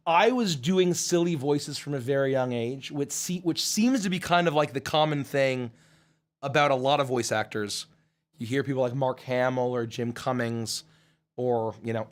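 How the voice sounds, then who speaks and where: A man, a voice actor and show host, chatting casually and rambling through viewer questions on a livestream. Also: medium pitch. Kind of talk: casual livestream Q&A, reading chat.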